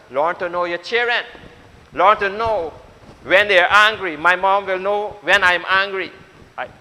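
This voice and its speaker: A male pastor preaches to his congregation, his bright, high voice ringing through a church hall with long reverb. He drives his point home with insistent repetition and speaks straight to his listeners. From Suriname. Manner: repetitive, exhorting, addresses congregation directly. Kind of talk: sermon.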